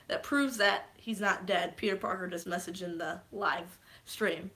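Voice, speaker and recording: A young woman recapping a movie on a live stream, rambling and swearing freely, with sudden excited shouts. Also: lowish voice, unhurried, hardly any pauses. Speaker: vlogger.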